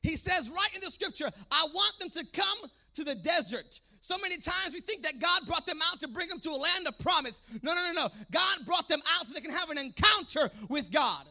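A male preacher of Puerto Rican background with a strikingly high, very bright and tense voice. He works the room in fervent call-and-response style, dropping to soft asides before surging into shouted exhortation. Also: lively intonation, brisk, gravelly, few pauses.

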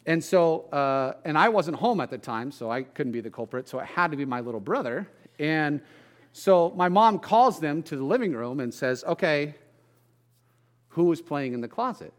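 Middle-aged guy pastor, slightly high voice, chatty sermon full of family stories. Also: lively intonation, moderate pace. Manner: folksy, storytelling, self-deprecating asides. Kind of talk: conversational sermon.

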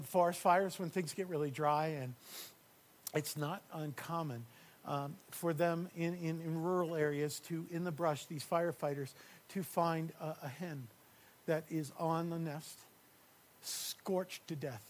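High-voiced preacher, hushed then booming. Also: male voice. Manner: dynamic preacher, swings from hushed near-whispers to loud shouted climaxes. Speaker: pastor. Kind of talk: sermon.

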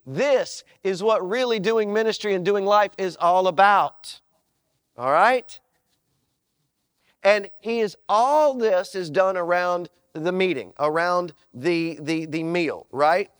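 A male pastor delivers a sermon with a very high voice. He talks conversationally but hammers points home with repeated phrases. The recording is dry and close. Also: unhurried, a bit bright, dry recording. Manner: emphatic, repetitive, conversational.

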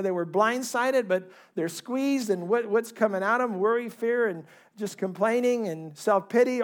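A high-pitched male pastor preaching with fervor. His voice climbs into loud, emphatic bursts and then drops back to a quieter, earnest tone. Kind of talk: sermon.

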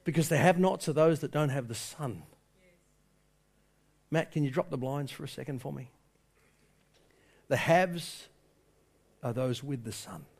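A man with a notably high voice preaches a sermon from the pulpit. He tells a story with rising passion, then presses his point home to the congregation. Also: unhurried, gravelly, pauses often, a little mellow, husky. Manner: impassioned storytelling, quoting people in his tale. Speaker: pastor.

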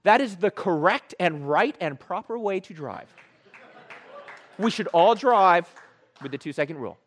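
A man preaching a sermon as a pastor, telling stories with animated, playful self-mockery. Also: sits high, measured pace, a faint crowd.

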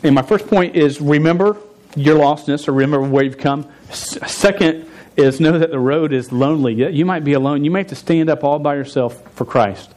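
A man preaching a sermon in an animated, emphatic way, often restarting his words. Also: a little high, fairly quick. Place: church service.

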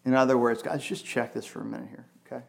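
A man's voice: medium pitch, flat delivery, fast talker, gravelly. A male pastor preaching in a conversational, emphatic way, full of casual asides. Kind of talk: sermon.

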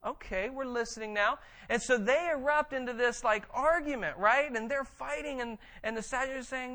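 A man preaching a conversational sermon, reading scripture and explaining it with animated tag questions. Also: very high-pitched, moderate pace. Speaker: pastor.

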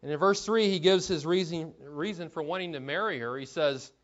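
Earnest preacher with a lo-fi sound. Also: male voice, fairly high pitch, a little fast. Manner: earnest teaching tone with rhetorical questions and restarts. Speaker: pastor. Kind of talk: sermon. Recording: dull lo-fi recording.

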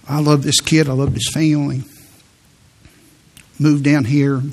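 A man's voice: fairly high pitch, little pitch movement, unhurried, darkish tone. A man preaching a sermon, telling personal stories earnestly and reading scripture with growing fervor. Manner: earnest storytelling, rising to fervent scripture reading. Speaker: pastor.

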